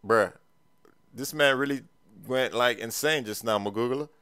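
A man roleplaying a car buyer in a game, excitable and full of slang, calling everyone bro. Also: mid-range voice, moderate pace, clean tone.

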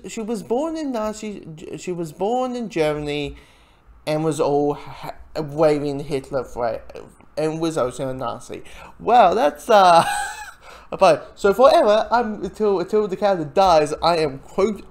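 Casual TV reviewer, mid-pitched, rambling and laughing through stop-start sentences. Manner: rambling, many restarts, frequent laughs, swears. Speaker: TV episode reviewer.

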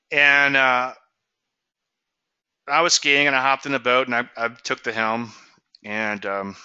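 Bright folksy man, dry lo-fi sound. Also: medium pitch, no room sound. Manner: folksy storyteller, frequent restarts and asides. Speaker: trading show host. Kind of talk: casual commentary with anecdotes.

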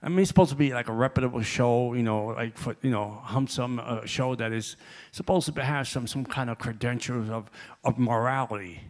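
A man preaching as a guest in a church at an everyday middle pitch. He talks in an animated way and his voice climbs as he tells a story. He repeats words and starts sentences over. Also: a little fast, hardly any pauses. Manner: animated, voice rising when telling stories; repeats words and restarts often. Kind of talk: sermon. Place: church hall.

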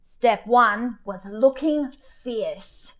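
A woman reads a picture book aloud for children at home, playful and animated in her delivery. Her pace is very slow and deliberate. Her voice sits a little above the usual. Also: on the high side. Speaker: children's story time reader. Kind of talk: children's story reading.

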